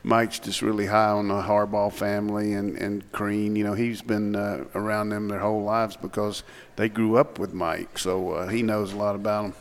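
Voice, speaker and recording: A man's voice: fairly low pitch, level tone, moderate pace, long reverb tail. A man, a former coach, talking sports in a folksy, teasing way on a talk show.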